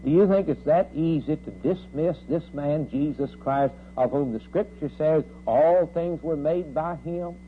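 A man preaching a sermon, asking the listener question after question, rising to loud outbursts and dropping to low, quiet lines. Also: measured pace, hardly any pauses. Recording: tinny phone-like old sermon recording with faint hum.

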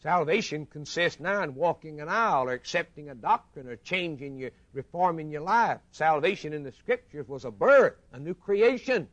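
Preaching man, rising and hushed by turns. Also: lively intonation, moderate pace, hardly any pauses, dry recording. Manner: preaching with swelling rises and hushed low drops. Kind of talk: sermon.

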